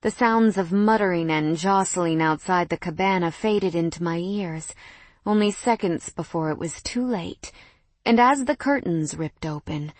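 A young adult woman narrating a first-person romance audiobook in an intimate, measured, expressive way. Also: fairly low pitch, dry recording.

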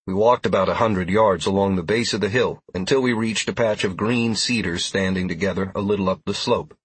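A man narrating a first-person audiobook in an even, steady storytelling manner. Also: deep voice, fairly quick, husky, no echo.

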